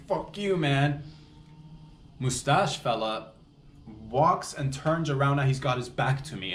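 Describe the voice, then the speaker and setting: A man's voice: mid-range voice, echoey room, slight background noise. A man hosting a comedy podcast, telling a story with many restarts and acted-out quotes.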